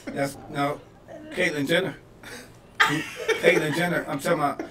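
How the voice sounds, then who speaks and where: A man from Detroit, a comedian co-hosting a podcast, riffing loudly and laughing through his punchlines. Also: fairly high pitch, unhurried, crowd noise. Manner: animated, laughing, yelling punchlines. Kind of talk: loose comedic banter. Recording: echoey room, mic at a distance, faint noise.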